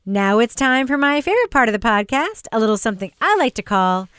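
Her voice is a little high and fairly bright, very animated and brisk, with a clean tone. As host of a podcast panel, she delivers scripted news items wryly before chatting and riffing with her guests.

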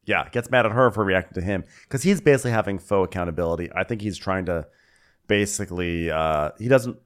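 A man's voice: low-pitched, brisk, clear, resonant tone. A man co-hosting a comedy podcast, recapping a reality show with dry, rambling jokes. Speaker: podcast co-host.

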